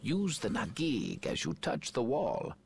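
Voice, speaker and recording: Man putting on calm old village elder, gravelly, slow, swooping pitch, game music behind. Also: slight background noise, heavily acted. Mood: solemn. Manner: slow, measured, formal.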